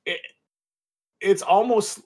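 A man's voice: high-pitched, slow, darkish tone. A man co-hosting a casual book discussion, laid-back and thinking aloud as a first-time reader. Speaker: podcast co-host.

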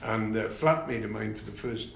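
An older man with a low, gravelly voice recounts political memories at an easy pace, full of pauses, fillers and dry chuckles. The recording sounds roomy, with faint ambience behind him. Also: a little hiss or hum. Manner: unhurried, anecdotal, with many fillers and wry laughs. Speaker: interviewee, former party leader. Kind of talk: reflective interview conversation.

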